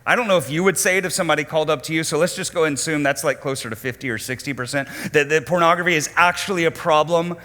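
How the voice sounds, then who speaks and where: A male lead pastor preaching a sermon to his congregation, dramatic, swinging between loud emphasis and hushed lows and putting direct questions to the room. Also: very fast, few pauses, big-room sound. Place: church auditorium.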